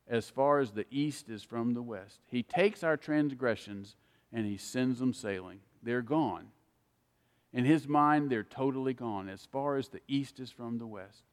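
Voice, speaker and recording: A man's voice: on the high side, long reverb tail. A man preaching a sermon, earnest and speaking straight to his listeners. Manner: earnest, addresses listeners directly by name.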